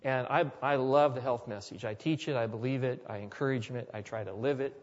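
A man's voice: mid-range voice, a little fast. A man preaching a sermon as a pastor, earnest and building to emphatic repetition. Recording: long hall reverb, dull lo-fi sound.

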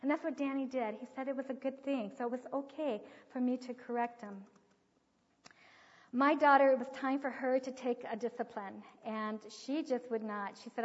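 In a sermon on child discipline, a woman with a higher, steady voice earnestly tells a story at a moderate pace, retelling it vividly and acting out quotes. The recording is dull, with long hall reverb.

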